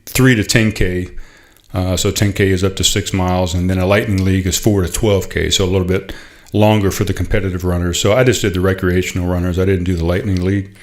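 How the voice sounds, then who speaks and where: A middle-aged man hosting a podcast, telling a heartfelt story in a halting, casual way, full of fillers and restarts. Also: sits low. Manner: heartfelt, proud. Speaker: podcast host.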